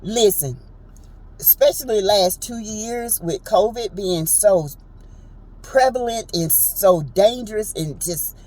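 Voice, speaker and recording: A woman, casually recapping a reality show in a chatty, animated way and acting out quotes in a high voice. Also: rough recording. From Southern United States.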